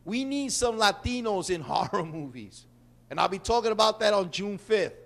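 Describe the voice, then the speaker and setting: A brash man from Puerto Rico hosting a comic monologue, his voice sitting very high for a man. He jokes loudly and breaks into sudden shouted bursts. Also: expressive, moderate pace, vocal fry. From Puerto Rican. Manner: brash, joking, loud bursts. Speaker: host. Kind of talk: stand-up style monologue.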